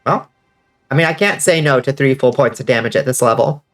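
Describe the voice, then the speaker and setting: A man with a congested, stuffy voice giving casual, excitable commentary while playing a game and reading chat. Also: medium pitch, a little fast, faint music behind. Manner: excitable, swears freely, reads out chat. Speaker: streamer.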